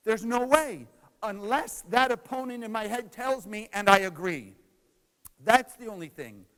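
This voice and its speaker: A man's voice: high-pitched, fairly bright tone, big-room sound, rough recording. A man teaching a spiritual lesson to a class, asking questions and answering them himself. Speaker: Kabbalah teacher.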